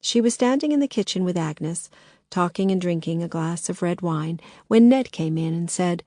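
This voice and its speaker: A woman narrating a novel as an audiobook, steady and measured. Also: lowish voice, no echo, clean studio sound. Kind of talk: scripted narration.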